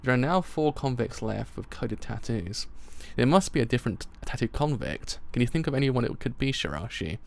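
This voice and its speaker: British man, live manga reading, gravelly voice, lively swooping pitch, stumbles over names. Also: a little fast, hardly any pauses. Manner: reads dialogue aloud with stumbles, bursts into loud laughter and swearing. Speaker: manga reaction reviewer.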